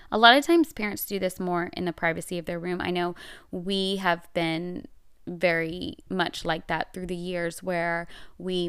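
A middle-aged woman hosting a parenting podcast offers casual advice in a relaxed, conversational style, with many fillers, self-corrections, and restarted sentences. Her medium-pitched voice is smooth and clear with a gravelly edge underneath. The recording is close and dry, without echo.

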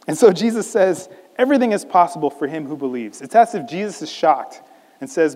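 Animated male preacher in a reverberant hall. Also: fairly high pitch, measured pace, pauses often. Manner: animated, acts out the scene in voices. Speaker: pastor. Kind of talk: sermon.

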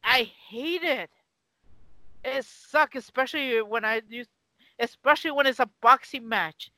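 A podcast host chatting casually in an excitable, teasing way. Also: medium pitch, moderate pace, no room sound, low-quality recording. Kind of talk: casual chat.

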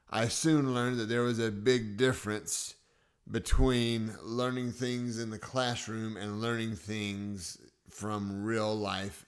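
A man in his forties hosting his own podcast, telling personal stories in a casual, self-joking way from a studio. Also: fairly low pitch. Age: 40s. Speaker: podcast host.

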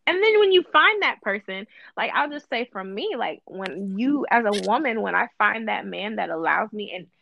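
A woman's voice: medium pitch, lively intonation, moderate pace, vocal fry, dry recording, highs cut off. A woman co-hosting a casual podcast chat, talking emphatically and repeating phrases for stress. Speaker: guest co-host.

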